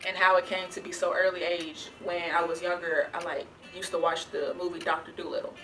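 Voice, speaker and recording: A woman's voice: fairly low pitch, flat delivery, a little fast, fairly bright tone, soft background music. A young woman from the American South answering viewer questions in a chatty, rambling vlog, full of restarts and "like". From Southern United States. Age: young adult. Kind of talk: casual Q&A vlog.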